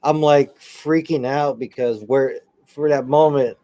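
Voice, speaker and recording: Mellow laid-back man, relaxed chat. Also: medium pitch, unhurried. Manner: relaxed, laughs often, reads out listener comments. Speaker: paranormal podcast co-host. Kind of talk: casual chat. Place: home studio.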